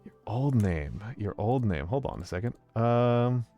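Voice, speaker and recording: A man's voice: medium pitch, animated, a little slow, lo-fi sound, soft background music. A man streaming a game and chatting with his viewers, with many ums and uhs and frequent restarts. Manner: hesitant, filler-heavy, warm greetings to chat. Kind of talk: casual stream chat.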